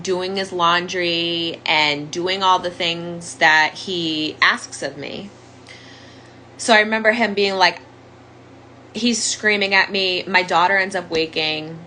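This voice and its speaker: A woman's voice: on the low side, pushed and bright, a little hiss or hum, low-quality recording. A young woman candidly telling her own story as a survivor, in a conversational monologue full of "like" fillers. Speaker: domestic violence survivor sharing her story.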